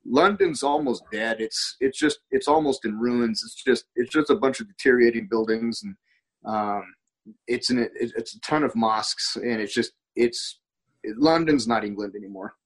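A man's voice: medium pitch, normal speed, rough recording. An American man in casual conversation, telling rambling anecdotes full of quoted dialogue and restarts. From United States.

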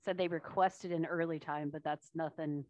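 A woman chiming in quietly during casual chat, a little away from the microphone. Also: low voice, fairly even intonation, normal speed, dry recording.

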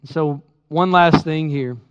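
High-voiced man preaching in a reverberant hall. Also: unhurried, clean tone. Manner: candid storytelling with laughs, acting out his own quotes. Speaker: pastor. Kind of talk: sermon. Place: church sanctuary. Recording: dull sound with long hall reverb.

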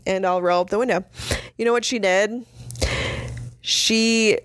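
A woman's voice: medium pitch, fairly even intonation, unhurried, no room sound. A young woman hosting a podcast, casually telling rideshare stories in a blunt, sarcastic way and swearing freely. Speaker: podcast host and rideshare driver. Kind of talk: casual storytelling monologue.

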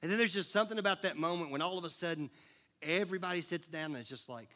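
A man preaching a sermon as a pastor, with a jokey, conversational delivery that turns animated. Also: a little high, fast.

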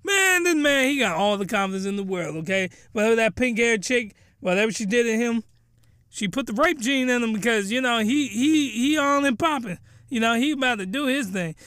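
A man giving a crude, rambling comedic recap of a show in an animated way. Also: very high voice, a little fast, clean tone, no echo, clean studio sound.

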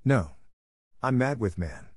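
A man's voice: mid-range voice, lively intonation, slow pace, husky, no room sound, clean studio sound. A man reading the part of a spirited young woman writer, speaking in clipped, indignant bursts. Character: spirited young woman writer, hot-tempered when crossed. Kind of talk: audiobook character reading.

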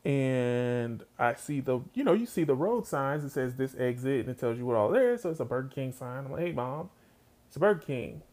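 A man's voice: medium pitch, big pitch swings, fairly quick, hardly any pauses, darkish tone. A man telling a funny childhood story in a casual, slangy way, talking straight to his listeners.

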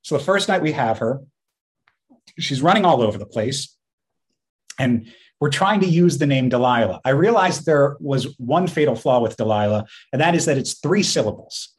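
A man in casual podcast chat who tells his stories with animation. His pitch sits at an ordinary middle height, and he laughs often as he talks. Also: animated, normal speed. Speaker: podcast co-host.

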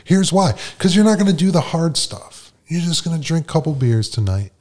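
A man voicing the persuasive inner voice of a craving, soft and wheedling. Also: on the high side, sing-song, a little fast, pitched above the performer's own voice. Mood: coaxing.

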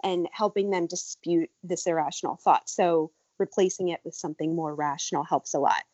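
A woman with a fairly low voice gives parenting advice in a relaxed, conversational way, often saying "you know." The recording is dry and close, with a dull, lo-fi sound. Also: moderate pace, no echo. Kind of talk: interview answers.

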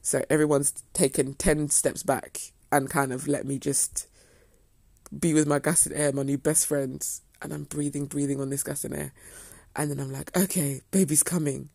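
A woman's voice: deep voice, little pitch movement, moderate pace, vocal fry, a little mellow, dry recording, clean studio sound. A young woman telling a story to her viewers in a casual, chatty way. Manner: chatty, acts out quoted dialogue. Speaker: vlogger.

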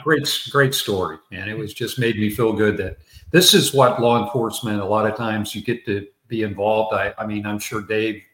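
Low-voiced earnest man on a panel, roomy sound. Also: fairly even intonation, normal speed, a bit bright. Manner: earnest, repeats words while searching for phrasing. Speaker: law enforcement talk show panelist. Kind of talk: casual roundtable discussion.

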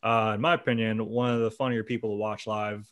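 A man's voice: fairly low pitch, flat delivery, brisk. A man hosting a podcast in casual chat, laid-back and laughing often. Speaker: podcast host.

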